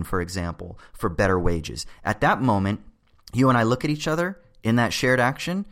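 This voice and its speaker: A man's voice: fairly low pitch, a bit bright. A man explaining philosophy in a casual podcast chat, swearing freely and checking in with "right?".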